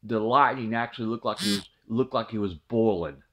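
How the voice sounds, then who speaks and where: A middle-aged man who hosts a channel tells a story from memory, rambling and repeating words in a casual way, with a southwest Ohio background. He speaks briskly in a fairly bright, lowish voice, though the audio is dull.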